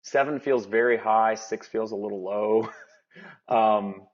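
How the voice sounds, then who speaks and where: A man co-hosts a casual movie review podcast in a lowish, steady, unhurried voice. He rambles, restarts his sentences and laughs often, and the audio is dull and lo-fi.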